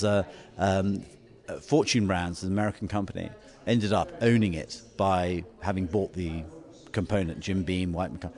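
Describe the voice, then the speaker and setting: An English man with a somewhat low voice recounts a story in a relaxed interview. He stammers and repeats words as he searches for the next thought, now and then chuckling at himself. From England.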